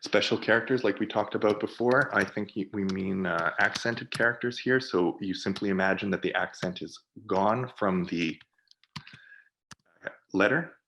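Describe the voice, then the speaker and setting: A man on a video call, presenting for a product team and walking through software in a webinar while thinking aloud. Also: lowish voice, moderate pace, a little hiss or hum.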